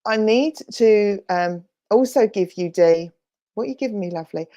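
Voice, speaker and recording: Woman, spiritualist medium, chatty and reassuring, live reading, middle pitch. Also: moderate pace, muffled recording. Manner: warm, chatty, reassuring, relays messages in spirit's voice. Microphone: online church service stream.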